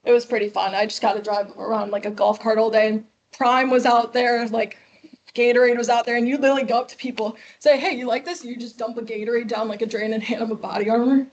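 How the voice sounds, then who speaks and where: Lively young woman telling her story. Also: fairly high pitch, fast. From Chicago. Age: 20s. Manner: lively, acts out quoted dialogue. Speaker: guest speaker. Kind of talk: storytelling talk to a class. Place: classroom.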